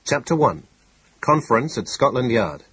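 Husky male audiobook narrator. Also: mid-range voice, big pitch swings, moderate pace, a bit bright, no echo, low-quality recording. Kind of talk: scripted narration.

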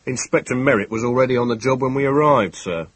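A burly, good-humoured police superintendent from a classic detective story, as a male reader puts him on. He speaks slowly and without fuss, in a husky, dry, mid-pitched voice. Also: dry recording, lightly acted. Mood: understated.

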